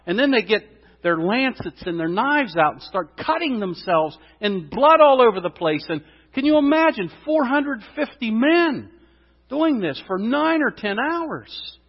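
A man preaching a sermon in church, telling a story with lively, rising exclamations. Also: very high voice, measured pace, husky. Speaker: pastor. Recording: dull sound, long hall reverb.

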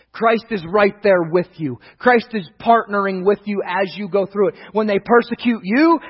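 Emphatic high-voiced preacher in a reverberant hall. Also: male voice, husky. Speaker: pastor. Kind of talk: sermon. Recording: dull lo-fi sound with long reverb.

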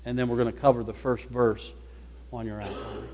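A man preaching a sermon as pastor, slow and emphatic, stressing single words. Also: medium pitch, flat delivery, a little mellow, big-room sound. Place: church sanctuary.

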